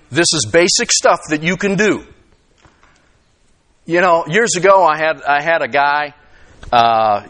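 A pastor in his sixties preaches an animated, conversational sermon, checking in with his listeners and acting out quoted lines. His voice is a little high.

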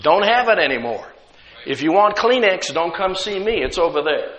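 A man's voice: high voice, lively intonation, moderate pace, fairly bright tone, in a large hall, dull audio. A man preaching a sermon as pastor, conversational, with frequent rhetorical questions to the congregation.

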